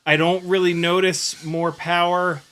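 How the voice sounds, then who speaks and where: Excitable man streaming drone flights. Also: sits high, a little slow. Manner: excitable, swears and exclaims mid-flight. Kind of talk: live-stream flying commentary and Q&A. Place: house, indoors.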